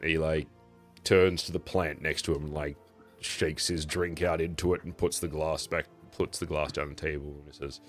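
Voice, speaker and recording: A man's voice: very deep voice, flat delivery, normal speed, soft background music. A man narrating as game master of a tabletop game in a casual, rambling way with many fillers.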